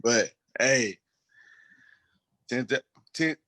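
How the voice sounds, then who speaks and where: Slow-talking tipsy man with hiccups. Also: medium pitch, animated, fairly bright tone. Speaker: podcast co-host. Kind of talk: casual chat.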